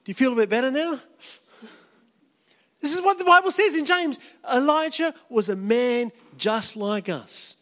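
A man's voice: very high voice, expressive, moderate pace, sharp tone, in a large hall. A man preaching a sermon as a pastor, telling Bible stories in a casual, chatty way and acting out the quotes. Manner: casual, storytelling, acts out quotes.

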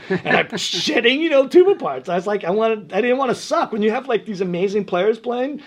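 A man from New York telling stories as a guest in a casual interview, animated and chatty, laughing often. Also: sits high, fairly quick, hardly any pauses. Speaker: guest musician.

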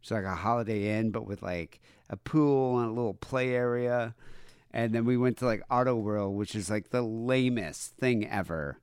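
A man's voice: lowish voice, moderate pace, clear, resonant tone, dry recording, studio quality. A man from Michigan co-hosting a podcast, telling stories in casual chat with lots of fillers. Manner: rambling, animated storytelling with many fillers. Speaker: podcast co-host.

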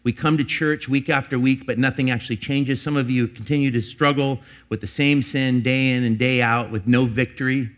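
A middle-aged man preaching a sermon as pastor, earnest and confessional, climbing to emphatic peaks and dropping low and personal. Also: fairly even intonation, normal speed, hardly any pauses, a bit bright.

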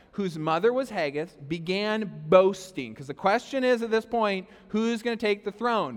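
A man preaching a sermon as pastor, animated and conversational, talking straight to the congregation. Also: sits high, smooth, in a large hall. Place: church hall.

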